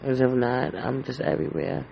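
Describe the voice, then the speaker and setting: A man's voice: medium pitch, flat delivery, normal speed, gravelly, highs cut off, a little hiss or hum. A man hosting a casual solo podcast from home, rambling in an anxious, heartfelt way with lots of fillers and swearing. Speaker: podcast host.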